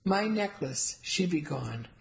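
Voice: mid-range voice, big pitch swings, slow, vocal fry, heavily acted. A reader voicing an elderly Italian woman who speaks broken English and accuses people dramatically. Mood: shrill accusing.

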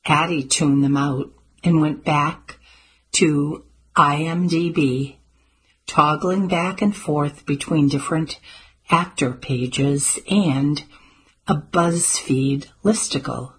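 A woman narrating an audiobook in a calm, measured storytelling manner. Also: low voice, slightly rough.

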